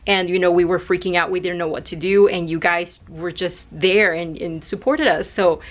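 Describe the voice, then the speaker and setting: A woman's voice: fairly low pitch, steady tone, moderate pace. A young adult woman vlogging, talking to camera in an emotional, grateful way, rambling with many fillers. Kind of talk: casual talk to camera.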